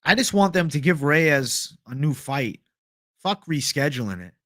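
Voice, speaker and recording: A man's voice: a little high, expressive, a little slow, sharp tone, no room sound, clean studio sound. A young man casually chatting on a livestream, swearing freely and answering viewer comments. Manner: casual, profane, reads viewer comments aloud. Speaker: livestream host.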